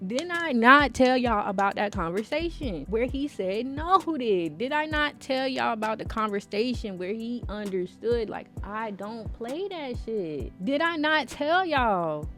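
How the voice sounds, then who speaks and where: A woman vlogger telling a casual story time with animated, sassy emphasis. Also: a little high, unhurried, few pauses, faint music behind.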